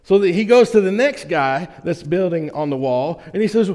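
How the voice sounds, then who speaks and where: A man's voice: sits high, expressive, normal speed, hardly any pauses, darkish tone, big-room sound. A man preaching a conversational sermon as pastor of a church, folksy and full of "right?" check-ins with his congregation. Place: church sanctuary.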